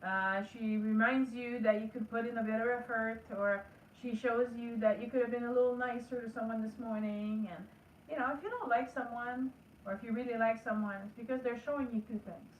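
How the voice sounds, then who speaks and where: A woman's voice: a little high, fairly even intonation, a little fast, lo-fi sound, slight background noise. A woman teaching a spiritual lesson in an earnest, coaching way, acting out the inner talk she asks listeners to have with themselves. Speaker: energy work teacher. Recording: echoey room, voice heard from a distance.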